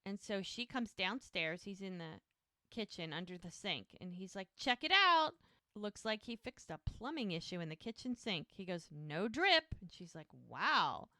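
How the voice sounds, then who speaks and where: A woman's voice: on the low side, normal speed, a bit bright, dry recording, studio quality. Chatty woman recapping a show. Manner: retells scenes, briefly mimicking characters' lines. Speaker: podcast co-host. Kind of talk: casual recap chat.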